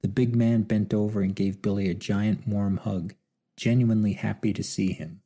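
A man narrating an audiobook in a measured, somber storytelling manner. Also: fairly low pitch, fairly even intonation, dark tone. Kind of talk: scripted narration.

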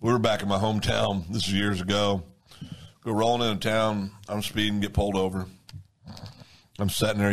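A man's voice: lowish voice, slight background noise. A man chatting casually as a co-host, telling self-mocking stories about his driving. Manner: self-deprecating storyteller, animated when quoting. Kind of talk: casual chat.

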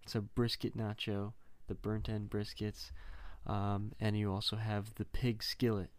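A man's voice: on the low side, completely flat delivery, unhurried, dry recording. A man co-hosting a podcast, listing dishes with eager, emphatic praise. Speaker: podcast co-host. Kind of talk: casual food chat.

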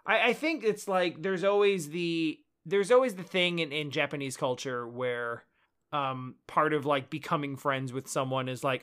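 A man chatting on a podcast, his voice a bit higher than most, halting and restarting as he goes. He tells things wryly, with a dry, joking edge. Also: fairly bright tone, smooth. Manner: halting, restarts often, wry retellings. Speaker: podcast co-host. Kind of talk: casual chat.

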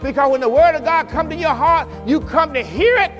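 This sermon comes from a pastor, a man with a high voice speaking fairly quickly and shouting with emphasis as he calls for the congregation's response. It's recorded in a church sanctuary, where the hall echoes and music plays.

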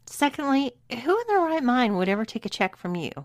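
A woman's voice: high voice, sing-song, brisk, no echo, studio quality, voice pushed up. A woman voicing a stern, bossy dominatrix who talks in a mocking, commanding way.

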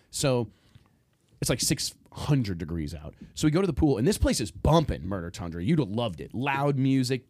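A man hosting a podcast, telling a story in a casual, animated way, acting out what people said and laughing often. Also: medium pitch, no room sound, studio quality. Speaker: podcast host.

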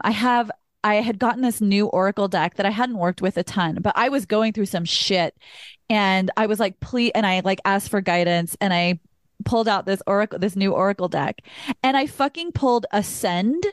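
A woman's voice: medium pitch, moderate pace, no room sound, studio quality. A woman hosting a casual podcast, telling personal stories candidly and swearing freely. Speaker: podcast host.

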